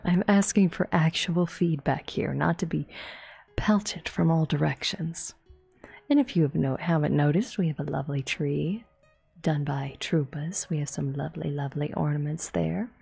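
A woman streamer doing a whispered ASMR stream on a desktop mic, swearing and breaking into shrieks between soft whispers. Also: low voice, measured pace, gravelly, husky, soft background music. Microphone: desktop USB mic.

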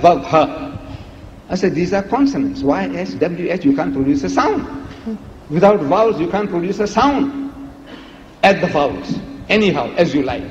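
A man's voice: a little high, slight background noise. Emphatic man lecturing in an echoey hall. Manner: emphatic, rhetorical questions, lively teasing delivery. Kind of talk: public lecture played in a reaction video. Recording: echoey hall, dull lo-fi archive recording.

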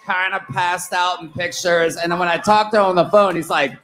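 A man at a live bar-venue interview, telling stories in a loose, profane, animated way with joking banter. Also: high-pitched, fairly quick, rough recording. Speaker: reality TV guest.

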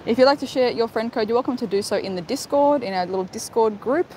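A woman's voice: on the high side, quick pace, darkish tone, low-quality recording. Upbeat young woman, casual live-stream host walking outdoors, faint street noise behind. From Australia. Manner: chatty, upbeat, reads out viewer comments while walking.

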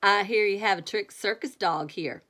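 A woman voicing a rough schoolboy bully in a bedtime storybook reading, speaking loudly and mockingly. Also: medium pitch, moderate pace. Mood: taunting. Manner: taunting, loud.

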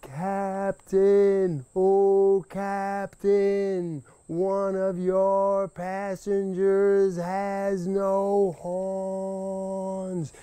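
A man's voice: level tone, slow pace, hardly any pauses, dark tone, smooth, dry recording. A man voicing a small, clever rabbit in a folktale, calling out in a raised, pleading voice. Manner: high, pleading calls.

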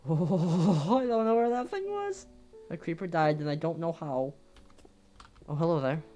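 A gameplay commentator talking over their own play, jumpy and quick to swear, yelping at every scare. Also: medium pitch, lively intonation, dark tone, faint music behind.

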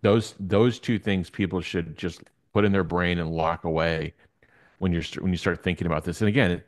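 A male guest in a casual interview chat, explaining his views in a measured way. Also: sits low, fairly even intonation. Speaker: guest analyst.

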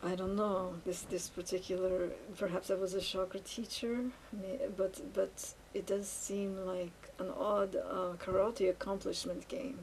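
A woman talks to her camera while painting, her voice dark and mellow with a gravelly edge. She rambles and muses, stumbling through fillers and restarts in a fairly flat tone. A faint hiss sits under the recording. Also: medium pitch, rough recording. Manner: halting, many fillers and restarts, musing. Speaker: vlogger.

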